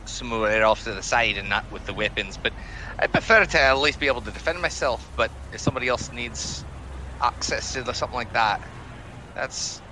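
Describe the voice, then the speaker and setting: A man's voice: mid-range voice, fairly quick, pushed and bright, slight background noise, low-quality recording. A man playing a tabletop game, talking in a hesitant, rambling way full of fillers. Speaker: player. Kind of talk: tabletop role-play chat.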